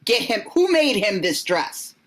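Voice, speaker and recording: A woman voicing a harsh, commanding male king who barks curt orders in a slow, unhurried delivery. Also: rumbling low, rough recording. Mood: stern. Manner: curt orders, yells for guards.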